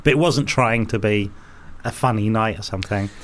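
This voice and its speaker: A man chatting casually as a podcast co-host, throwing in quick questions and reactions. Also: on the low side, a little hiss or hum. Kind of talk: casual chat.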